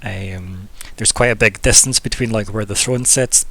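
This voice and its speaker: A man's voice: lowish voice, normal speed, a bit bright, no echo. A man, narrating a tabletop fantasy game as game master, in a casual, rambling way with many fillers.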